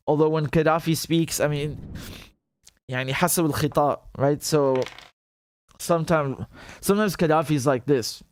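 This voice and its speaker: A man's voice: a little high, no echo, clean studio sound. A man hosting a casual livestream, talking loosely, laughing often and breaking into Arabic phrases. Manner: chatty, laughs often, mixes Arabic and English. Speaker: show host.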